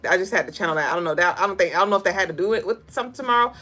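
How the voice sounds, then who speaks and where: A woman's voice: lowish voice, lively intonation, rapid-fire, bright, forceful tone, faint music behind. A woman hosting a casual livestream of daily spiritual and tarot readings. She is chatty and profane, laughs often, and reads chat comments aloud.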